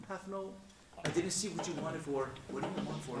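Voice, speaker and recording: A man coaching a student conductor in rehearsal, gently asking questions and singing melody lines in nonsense syllables. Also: on the high side, a little fast, creaky, loud music behind the voice. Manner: gentle, encouraging, asks many questions. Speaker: conducting clinician. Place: rehearsal room with a band. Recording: echoey rehearsal room, distant mic, band noise.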